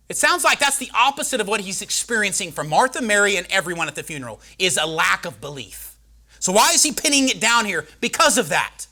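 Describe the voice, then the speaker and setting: A man preaching a sermon, swinging between loud proclaiming and hushed, dramatic storytelling. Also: sits high, big pitch swings, brisk.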